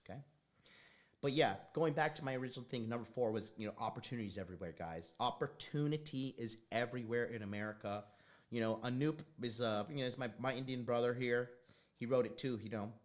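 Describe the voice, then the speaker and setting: A man's voice: medium pitch, a little fast. A man hosting a casual livestream as a dating coach, talking bluntly, rambling off on tangents and swearing now and then. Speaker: dating coach and show host.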